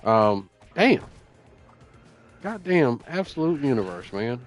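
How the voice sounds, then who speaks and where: A man co-hosting a casual podcast who reacts to comic book news with excitable, profane quips. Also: mid-range voice, takes it slowly, faint music behind. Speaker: podcast co-host.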